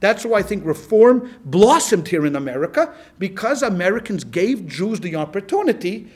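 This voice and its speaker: A male rabbi giving a lecture to a class in a lively, conversational way, with frequent restarts. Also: sits high, moderate pace, breathy edge. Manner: animated and conversational, with many restarts. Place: class with a live audience.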